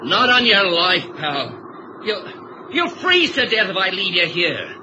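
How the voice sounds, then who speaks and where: A lively, high-pitched trapper, easygoing and reassuring. The old radio-drama recording is muffled and hissy. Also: male voice, takes it slowly, exaggerated voice. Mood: steady. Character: steady trapper Ted, easygoing. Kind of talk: vintage radio drama acting.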